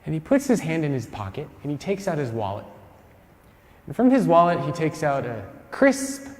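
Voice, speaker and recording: A man giving a conference keynote, telling stories with lively acted-out quotes on a stage mic. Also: fairly high pitch, moderate pace, long reverb tail. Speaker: keynote speaker. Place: large conference hall.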